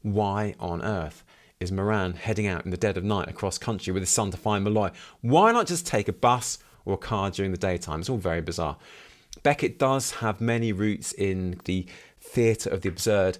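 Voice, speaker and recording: A man with a lowish voice hosts a book podcast and talks through his thoughts on a novel. He muses reflectively and often poses questions to himself. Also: normal speed. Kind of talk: book review monologue with read-aloud passages.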